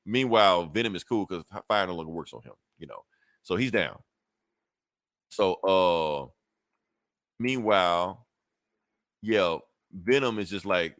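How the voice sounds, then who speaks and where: Low-voiced man rambling through a comic recap. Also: expressive, moderate pace, long pauses, a bit bright, dry recording, studio quality. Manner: rambling, profane, full of fillers and restarts. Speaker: podcast host. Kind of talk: casual comic book recap.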